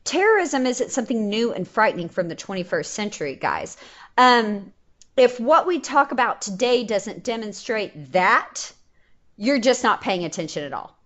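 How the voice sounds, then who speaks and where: A woman with a Texas accent hosting a history podcast, chatting casually and telling stories in an animated way. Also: on the high side, normal speed, muffled recording. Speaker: podcast host. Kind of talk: casual chat.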